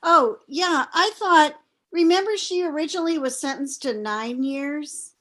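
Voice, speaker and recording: A woman at a video-call book club explains plot points carefully, step by step. Her voice sits a little high for a woman. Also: unhurried, fairly bright tone. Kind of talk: casual video call discussion.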